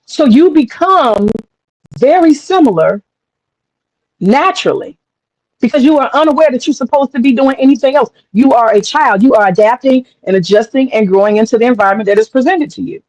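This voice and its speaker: A woman's voice: high-pitched, lively intonation, a little fast, a little mellow, no room sound, low-quality recording. A woman talking in a blunt, profane casual monologue as a commentator, acting out other people's voices as she goes.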